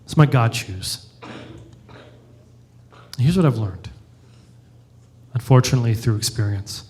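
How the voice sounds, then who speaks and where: A man's voice: mid-range voice, expressive, unhurried, darkish tone, slight background noise. A middle-aged male pastor giving a conversational sermon and joking with his congregation.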